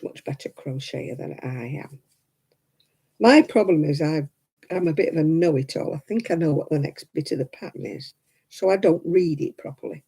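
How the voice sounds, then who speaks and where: A middle-aged crafting vlogger chats casually at home as she crochets, laughing often and poking fun at herself. Her voice is low-pitched and mellow, with a breathy edge.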